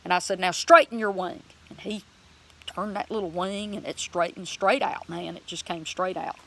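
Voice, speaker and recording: A woman telling a personal faith testimony in a plain-spoken, folksy way, animated and emotional as she acts out her own words. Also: fairly low pitch, moderate pace, a little hiss or hum. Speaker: Christian vlogger sharing a testimony.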